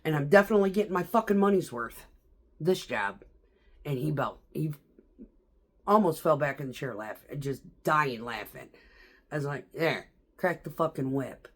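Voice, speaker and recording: A middle-aged woman chats through a rambling story, swearing freely and breaking into laughter. Her voice sits a little low for a woman. She talks like she's catching up with a friend. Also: lively intonation, moderate pace, long pauses. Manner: chatty, profane, laughs often. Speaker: vlogger. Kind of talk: casual storytelling vlog.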